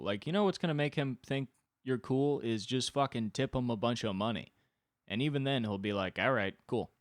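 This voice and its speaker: A man in his twenties hosts a solo podcast, delivering a comedic monologue in a lowish, animated voice at a fairly quick pace. He rambles, puts himself down, and swears freely while telling comic stories. The studio-quality sound has no room noise.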